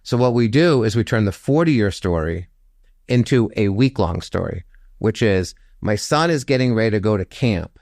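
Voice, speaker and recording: A man in his fifties telling a personal story in an interview, animated and reflective, acting out the people he quotes with sudden jumps in pitch. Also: normal speed, dry recording, clean studio sound. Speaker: storytelling guest.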